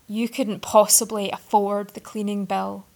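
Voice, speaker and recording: A woman's voice: mid-range voice, measured pace, gravelly. Woman voicing a scornful arrogant young executive man. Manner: scornful, acid put-downs.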